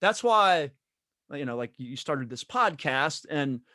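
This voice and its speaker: A man who is a guest on a podcast talks in a rambling, casual way, repeating words and laughing easily. His voice is fairly high for a man and swings widely in pitch. The recording is close and dry. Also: lively intonation, slow, bright, forceful tone, no echo.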